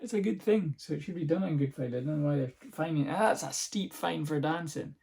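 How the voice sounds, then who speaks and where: A man's voice: fairly high pitch, fairly quick, creaky, darkish tone. A man hosting a podcast, rambling through a casual comic monologue, sarcastic and swearing freely. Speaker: podcast host.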